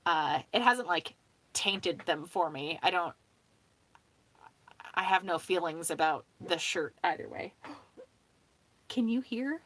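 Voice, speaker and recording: Lady rambling on her home stream, kinda low voice, dry close sound, swears a lot. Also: slow pace, long pauses, a bit bright, no echo. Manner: rambling, chatty, swears casually, laughs often. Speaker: host of a sewing hangout stream. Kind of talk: casual chat.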